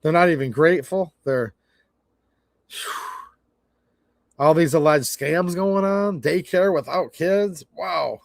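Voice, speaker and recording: Brief: man in his forties, high voice, dry close sound, casual livestream rant, stammers and rambles. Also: slow, vocal fry, pauses often, no echo. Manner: rambling, stammering, frustrated and blunt. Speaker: livestream host.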